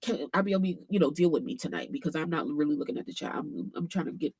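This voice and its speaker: Animated woman streamer, husky voice. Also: sits low, quick pace, dry recording. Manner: animated, swears freely, frequent fillers, loud outbursts. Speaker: livestream host. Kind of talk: casual commentary livestream.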